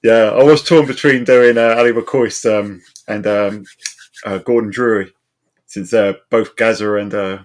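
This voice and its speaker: A man in his forties hosts a relaxed chat, his voice sitting low. He is chatty, laughs easily and keeps things moving. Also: measured pace. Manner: laughs often, chatty and animated. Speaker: podcast host. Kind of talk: casual chat.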